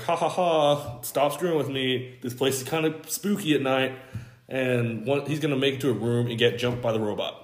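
Young male podcast host, rambling casual pitch, quotes characters offhand, swears freely, roomy echo.

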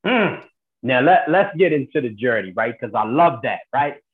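A man's voice: medium pitch, lively intonation, normal speed. A man hosting a networking interview show over a video call, upbeat, often tagging "right?" onto his points. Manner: upbeat, asks questions and adds "right?". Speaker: host. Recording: tinny phone-like line.

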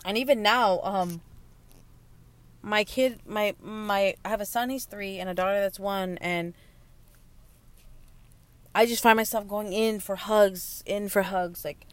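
Young mother, candid vlog confession; halting delivery with restarts, voice on the edge of tears. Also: medium pitch, fairly even intonation, no room sound. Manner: halting, emotional, many restarts and pauses. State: close to tears. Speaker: young mother sharing her story. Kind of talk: candid personal monologue.

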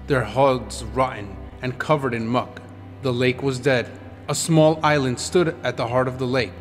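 A man reading an audiobook in a measured, descriptive storytelling manner. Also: medium pitch. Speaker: audiobook narrator. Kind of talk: scripted audiobook narration. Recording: long reverb with background music.

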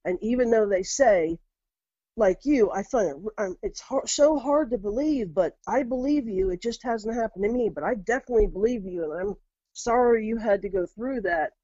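A woman's voice: mid-range voice, lively intonation, moderate pace, mellow, no echo. A middle-aged woman telling her own eerie encounters in a casual interview, earnest, often repeating her words. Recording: dull lo-fi audio.

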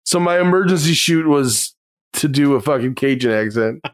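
A man's voice: medium pitch, lively intonation, normal speed. A man co-hosting a podcast, wrapping up the episode with goofy, joking banter. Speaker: podcast co-host. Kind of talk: casual chat.

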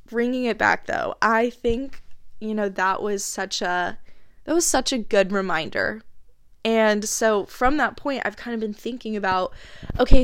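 A young woman with a congested voice, earnestly chatting through a faith podcast episode with frequent fillers and soft laughs. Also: medium pitch, clear, resonant tone, dry recording, studio quality. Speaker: podcast host. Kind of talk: casual faith podcast monologue.

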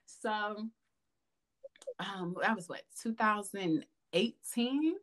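A woman, a podcast guest, chatting casually and telling lively stories with lots of laughter. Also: medium pitch, very slow, slight background noise. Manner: animated, laughing, calls listener "girl". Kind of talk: casual storytelling chat.

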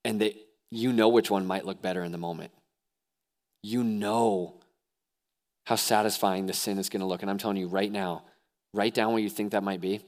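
A young man preaching a sermon as pastor, animated, swinging from hushed lows to excited near-shouts. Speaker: youth pastor.

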